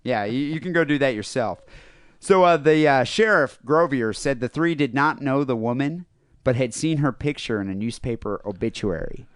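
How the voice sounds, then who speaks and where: A man's voice: medium pitch, lively intonation, normal speed, clear, resonant tone, no echo, clean studio sound. A man co-hosting a casual comedy podcast, rambling through a news story with lots of fillers and laughter. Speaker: podcast co-host.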